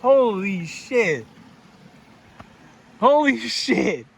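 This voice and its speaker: A young man vlogging outdoors in a rocky gorge, awestruck and excitable, swearing freely as he talks. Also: high-pitched, extremely slow, gravelly, breathy edge. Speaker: nature vlogger. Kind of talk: casual outdoor vlog narration.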